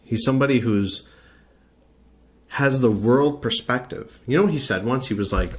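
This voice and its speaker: A man's voice: mid-range voice, lively intonation, a little fast. A man from Canada delivering an opinionated video rant as a vlogger, blunt, profane and argumentative, often repeating his points.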